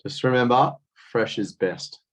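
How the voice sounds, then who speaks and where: A man's voice: mid-range voice, a little slow. An Australian man coaching as a guest on a casual podcast over an online call, laid-back and encouraging. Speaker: triathlon coach.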